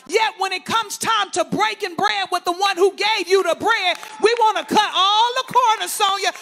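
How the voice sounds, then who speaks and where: Preaching in a very high, bright, piercing voice that turns gravelly and rough at the edges, this man delivers his sermon in shouted, fervent bursts. He uses call-and-response with the congregation and stacks up long, repetitive lists.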